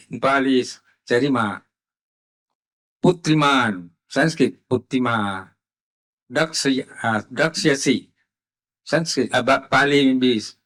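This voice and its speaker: Slow, halting male lecturer. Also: medium pitch, fairly bright tone. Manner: slow, halting delivery with frequent fillers and self-corrections. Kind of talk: academic conference lecture. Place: conference hall.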